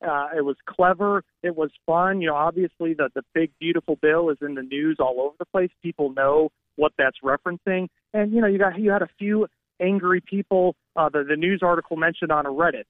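A man's voice: fairly high pitch, fairly quick, dry recording. A man phoning in to a talk radio show as a political strategist, speaking confidently and combatively. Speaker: political strategist guest on a call. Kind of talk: phone-in talk radio interview. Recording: tinny phone line.

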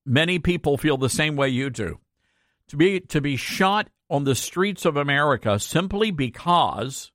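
A man's voice: on the high side, a bit bright, no echo, studio quality. A man hosting a talk radio show, earnest and impassioned, often repeating himself for emphasis.

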